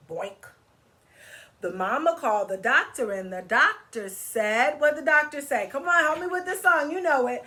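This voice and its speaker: A woman's voice: a little high, fairly bright tone. A woman hosting a children's read-aloud, singing, asking questions and coaxing kids to move along with her. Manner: playful, coaxing, asks kids to join in. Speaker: children's story time host.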